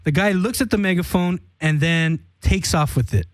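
A man's voice: high-pitched, normal speed, no room sound. A young man casually telling a rambling, profane story, laughing and acting out what people said. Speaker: band member telling a story on a podcast.

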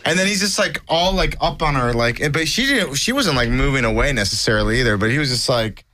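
Male podcast co-host, lively and bright, animated storyteller, laughs a lot. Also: medium pitch, a little fast. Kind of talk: casual chat.

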